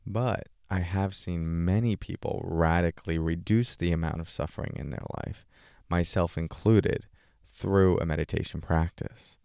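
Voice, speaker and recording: A man with a low, gravelly voice leads a reflective talk on meditation. He keeps asking questions and answers them in the voice of an imagined listener. His tone stays mellow and close, in a dry, dead room. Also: normal speed, no echo. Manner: questioning, talks back and forth with an imagined listener; relaxed and casual, light laughs. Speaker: meditation teacher.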